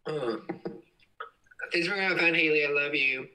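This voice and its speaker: A man's voice: a little high, normal speed, pushed and bright, far from the mic, rough recording. A young man hosting a casual livestream at home, reading comments and rambling with lots of giggles. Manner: giggly, rambling, frequent laughs. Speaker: livestream host.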